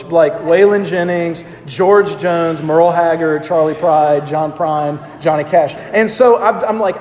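A pastor in his thirties from the American South preaches a conversational sermon in a high, darkish voice. He tells stories in a Southern US accent and calls out to the congregation, all in an echoey hall.

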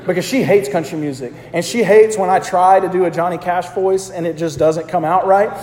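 Speaking a little fast in a high-pitched, darkish voice, a Southern US pastor in his thirties delivers a storytelling sermon. He calls out to his congregation often, and the hall's echo carries his words.

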